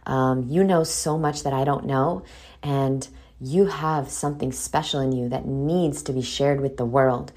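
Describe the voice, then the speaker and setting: Lady with a low voice doing her own podcast, hyping up her listeners, super casual. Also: fairly even intonation, a little slow, a little mellow. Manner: chatty, pep-talk tone, calls listeners "boo". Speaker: podcast host. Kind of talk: casual solo podcast monologue.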